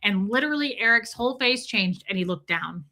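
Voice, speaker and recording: A woman's voice: on the high side, lively intonation, brisk, sharp tone. A woman hosting a casual livestream, chatting emotionally and reading out viewer comments, with frequent restarts.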